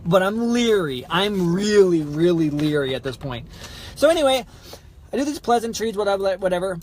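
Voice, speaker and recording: This young podcast host has a high voice and speaks at a moderate pace over a faint hiss or hum. He tells his story in an easygoing, animated way, voicing the characters' lines and filling his speech with fillers.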